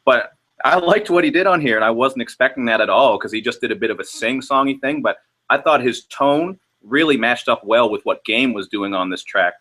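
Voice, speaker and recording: A man's voice: medium pitch, animated, a little fast, sharp tone. A man with a Canadian accent, a guest in a casual album review discussion, chatty and enthusiastic about artists he likes.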